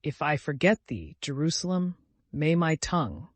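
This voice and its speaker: A man's voice: a little high, big pitch swings, normal speed, dry recording. A man reading the part of a grief-stricken middle-aged father who pleads and breaks into a wild whisper. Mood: anguished.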